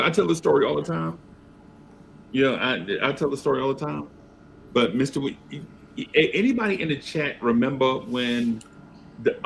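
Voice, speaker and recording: Gravelly animated man telling stories. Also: mid-range voice, slight background noise. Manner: animated storyteller, acts out voices. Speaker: podcast host. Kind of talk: casual sports talk.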